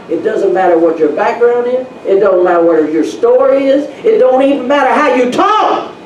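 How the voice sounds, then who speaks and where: A man giving a motivational real estate talk to an audience, telling animated stories from his own life. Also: very high-pitched. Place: meeting room. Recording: roomy, distant, faint room noise.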